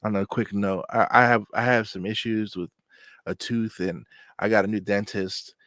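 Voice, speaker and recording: A man hosts a casual livestream chat, rambling loosely from one point to the next. His voice sits on the low side, and the sound is dry and close, with little room around it. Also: steady tone, normal speed, a bit bright, no echo. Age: adult. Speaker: channel host.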